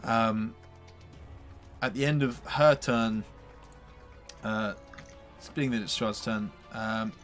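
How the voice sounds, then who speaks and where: A man's voice: fairly low pitch, takes it slowly, long pauses, fairly bright tone, soft background music. A man narrating as game master of a tabletop game, hesitant, with many fillers and restarts.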